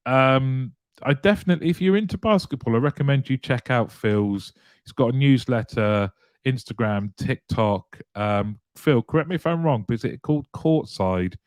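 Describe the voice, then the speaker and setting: A man's voice: mid-range voice, a little mellow, no room sound, clean studio sound. A man hosting a casual live show, greeting viewers one by one and laughing lightly as he chats. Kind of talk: casual live-stream chat, reading viewer comments aloud.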